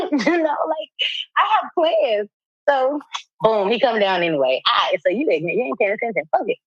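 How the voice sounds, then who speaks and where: A woman co-hosting a podcast tells a story in a loose, casual chat. She is animated and profane and breaks into laughter often. The sound is dull and lo-fi, with a dry, close feel. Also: fairly high pitch, normal speed, husky, dry recording. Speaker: podcast co-host.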